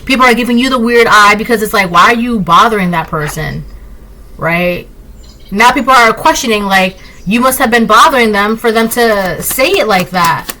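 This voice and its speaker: A woman's voice: mid-range voice, expressive, moderate pace, bright, forceful tone, a little hiss or hum, low-quality recording. A woman doing a casual tarot reading, talking emphatically and often tagging lines with "right?". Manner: emphatic, repetitive, rhetorical "right?" asides. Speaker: tarot reader.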